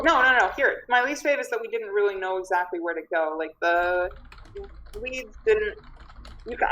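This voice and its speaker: A woman tabletop player and character artist giving casual, thoughtful feedback after a game session, often pausing to search for her words. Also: mid-range voice, a bit bright, rough recording.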